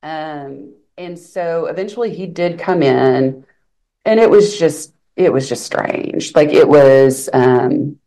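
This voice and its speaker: Here the Arkansas attorney speaks slowly in a low voice. As an interview guest she relates events with animation, voicing the words of the people she encountered.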